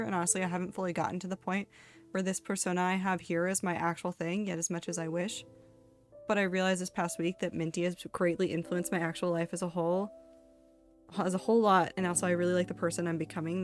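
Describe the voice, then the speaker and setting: A young woman streamer chatting candidly while she plays, swearing casually and reading chat messages aloud. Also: lowish voice. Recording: faint music behind.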